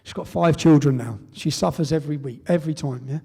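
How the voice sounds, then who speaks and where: A man's voice: on the high side, fast talker, gravelly, mellow, slightly rough. A middle-aged English man from Britain giving a live speech, telling his story emphatically and often tagging sentences with "yeah?". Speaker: public speaker. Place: event hall.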